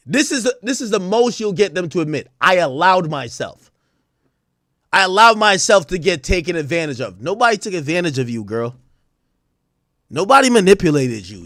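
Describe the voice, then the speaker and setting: High-voiced man ranting crudely to chat. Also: no room sound, clean studio sound. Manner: animated, crude, bursts into shouting. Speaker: live streamer. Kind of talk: profane live-stream rant to chat.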